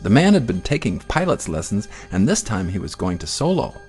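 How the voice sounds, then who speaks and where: Animated man reading a storybook. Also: fairly low pitch, fairly quick, soft background music. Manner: expressive, sing-song storytelling with animated swoops. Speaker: picture-book reader. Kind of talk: reading a children's storybook aloud.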